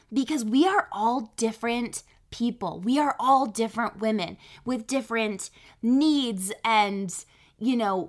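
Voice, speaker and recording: A woman hosting a podcast alone, talking in an animated way, often laughing and checking in with "right?". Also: a little high. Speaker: podcast host. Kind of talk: solo podcast talk.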